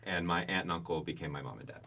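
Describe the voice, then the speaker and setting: A man in his thirties, a podcast guest telling candid personal stories in casual chat, sometimes dropping to a hushed whisper. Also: sits low, quick pace, gravelly.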